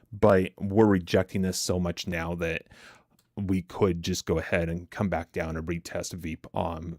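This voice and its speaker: A man with a fairly low voice hosts a live trading stream in casual, chatty talk. He is self-deprecating and laughs easily. The sound is dry and close, with no room echo. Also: darkish tone.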